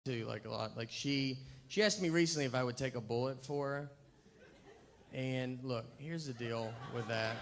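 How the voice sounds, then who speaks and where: A man doing stand-up comedy, telling rambling, self-deprecating stories in a deadpan way. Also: medium pitch, moderate pace.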